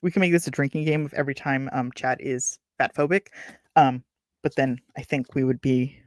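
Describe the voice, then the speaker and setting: A woman's voice: extremely low pitch, steady tone, brisk, dry recording, clean studio sound. A woman reading a novel aloud, breaking off for chatty, wry asides and correcting her own slips. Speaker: book reader and streamer. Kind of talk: reading aloud with casual commentary.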